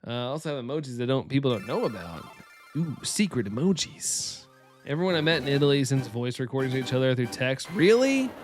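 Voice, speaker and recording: A man with a light Southern US accent, casually chatting with his stream's viewers, upbeat and quick to laugh. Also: medium pitch, very animated, faint music behind. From Southern United States. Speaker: live-stream host. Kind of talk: casual live-stream chat, reading chat.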